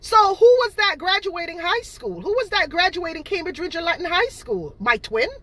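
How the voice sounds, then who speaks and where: Over a noisy background, a woman with a very high, expressive voice talks at normal speed. She's a thirtysomething cake seller from Boston, Massachusetts, and her accent leans on Jamaican patois. Casual but indignant, she speaks to her viewers and keeps repeating herself for emphasis.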